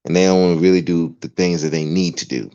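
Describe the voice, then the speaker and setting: A man hosting a livestream, ranting emphatically and swearing freely. His voice sits very low, and the muffled lo-fi recording dulls its edges. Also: quick pace, dark tone. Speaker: podcast host. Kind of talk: livestream rant. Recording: dull lo-fi recording.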